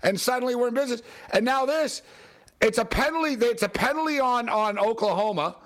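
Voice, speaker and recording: A man hosting a live game watch-along, loud, excitable and often exasperated. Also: extremely high pitch, brisk.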